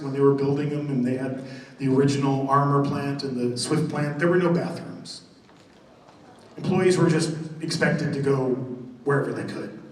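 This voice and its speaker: A man giving a live stage presentation of a haunted attraction, joking as he lingers on gory details. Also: fairly high pitch. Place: large convention hall. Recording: roomy hall recorded from far off.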